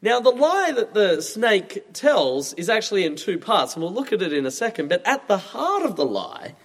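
A man in his thirties preaches a sermon in a chatty, expressive way. His voice sits high and swings widely in pitch. The sound carries a long reverb from a large hall. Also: breathy edge. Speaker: pastor.

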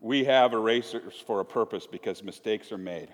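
A man with a fairly low voice, speaking at normal speed, preaches a chatty sermon as pastor in a church sanctuary. He jokes with his congregation and acts out little scenes, with the echo of the church hall in the recording.

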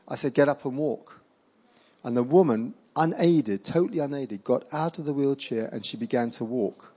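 A middle-aged man preaching, telling healing stories with lively acted-out quotes. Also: mid-range voice, normal speed, breathy edge. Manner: animated storyteller acting out quoted voices. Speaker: evangelist preacher. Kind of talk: sermon storytelling.

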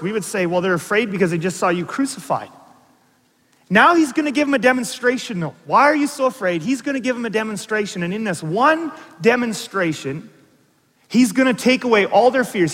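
A man's voice: sits high, big-room sound. A man preaching a sermon as pastor, telling stories with asides and questions to the congregation. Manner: animated storytelling with asides and audience questions.

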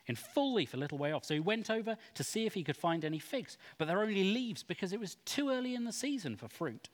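A man giving an expressive, dramatic Bible reading. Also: fairly high pitch. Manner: expressive, acts out quoted speech. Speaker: scripture reader. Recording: long hall reverb.

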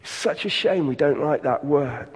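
A pastor giving an earnest sermon, slowing and softening on key lines. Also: male voice, on the high side, slightly rough, long reverb tail.

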